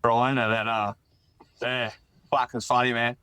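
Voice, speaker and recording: A man's voice: medium pitch, level tone, a little slow, bright, forceful tone, clear, resonant tone, dry recording. A man with an Australian accent calling in to a podcast, telling a rowdy, swearing anecdote in casual storytelling style. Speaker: caller. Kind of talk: crude storytelling call-in.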